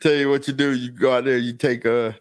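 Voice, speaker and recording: A man's voice: mid-range voice, level tone, fairly quick, no room sound. A man co-hosting a comedy podcast, trading profane, jokey asides and laughing often. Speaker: podcast co-host. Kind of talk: casual comedic banter.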